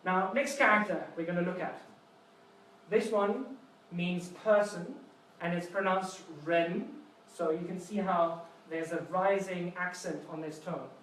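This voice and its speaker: A man's voice: high-pitched, steady tone, unhurried, fairly bright tone. A man giving a live seminar, explaining through playful mnemonic stories and quizzing the audience. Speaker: seminar presenter. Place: university seminar room. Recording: echoey lecture room from far off, faint noise.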